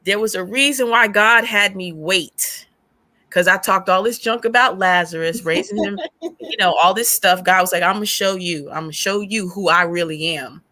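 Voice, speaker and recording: A woman guest on a faith podcast, retelling a hard stretch of her life as an animated storyteller who acts out past conversations. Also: medium pitch, moderate pace. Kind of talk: emotional personal testimony.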